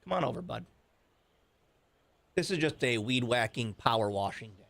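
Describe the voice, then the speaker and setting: A man with a gravelly, fry-edged voice whose pitch jumps around a lot. He chats casually and teases the other players with wry trash talk. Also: animated, normal speed, fairly bright tone. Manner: wry, teasing, trash-talking. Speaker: radio show co-host. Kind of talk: casual chat over a video game.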